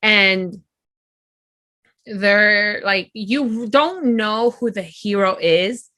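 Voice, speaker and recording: A woman co-hosting a book podcast, retelling her reactions in an animated way with lots of "like". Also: mid-range voice, very slow, no room sound. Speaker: podcast co-host. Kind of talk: casual book review chat.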